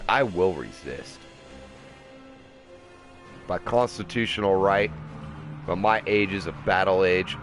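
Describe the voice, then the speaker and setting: A young man ranting in an angry, profane monologue, heated and preachy, in a car. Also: low voice. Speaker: vlogger. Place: in a car at a drive-through.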